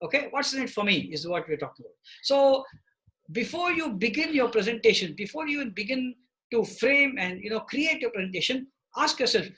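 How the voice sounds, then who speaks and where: Male trainer on a video call, fairly high and bright voice, keeps tagging "okay?" onto his points. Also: big pitch swings, fairly quick, rough recording. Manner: repeats "okay?" to check in with participants. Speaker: presentation trainer. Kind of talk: live online training session. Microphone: computer mic on a video call.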